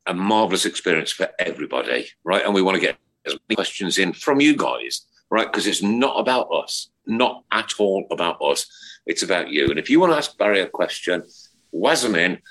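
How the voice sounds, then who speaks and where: A middle-aged man hosts a fan podcast in a loose, jokey way, rambling through his stories with plenty of fillers and restarts. His voice sits very low but swings up and down a great deal. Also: big pitch swings, fairly quick, a bit bright. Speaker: podcast host. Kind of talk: casual chat.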